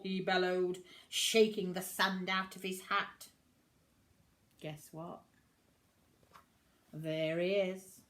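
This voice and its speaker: An older woman with a grandmother's manner, animated and expressive, reading a picture book aloud to children. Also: mid-range voice, slow, long pauses. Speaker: storyteller.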